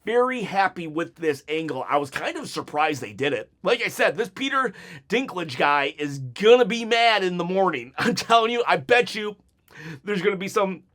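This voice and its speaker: A man with a somewhat high-pitched voice talks through a wrestling show in a casual solo review. He rambles and restarts his sentences, chuckling at his own jokes. He slips into quick imitations of the wrestlers' lines. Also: lively intonation, a bit bright. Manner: recaps wrestlers' lines in quick mimicked quotes.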